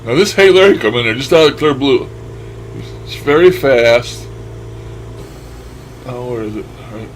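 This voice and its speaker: A man's voice: mid-range voice, lively intonation, a little slow, long pauses, poor audio. Musing older man with faint hiss. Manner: musing, chuckles often, trails off. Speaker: paranormal radio session host. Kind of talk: casual commentary over playback.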